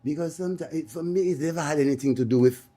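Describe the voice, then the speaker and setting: A man, speaking up from the audience of a panel discussion, impassioned and halting, repeating words as he goes. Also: on the high side, dark tone. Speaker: live audience member.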